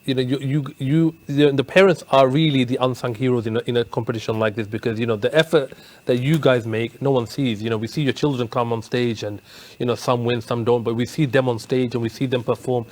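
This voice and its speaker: Male studio host, mid-pitch, chatty and rambling, lots of fillers. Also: steady tone, fairly quick, a little mellow. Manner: rambling, heavy on fillers and restarts. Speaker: TV quiz show presenter. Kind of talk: live studio talk show.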